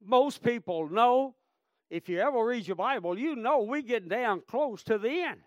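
A male preacher with a very high voice, delivering a fiery sermon. He repeats his points and keeps calling out to the congregation. The sound is close and dry. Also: animated, normal speed, dry recording, dull audio. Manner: fervent, repetitive, calls out "Amen?" and "friend".

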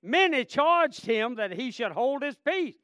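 A man's voice: extremely high pitch, big pitch swings, a little slow, pushed and bright, dry recording, clean studio sound. A man preaching a sermon with fervor, repeating phrases and calling out to the congregation. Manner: fervent, repetitive, calls out "Amen?" and "friend".

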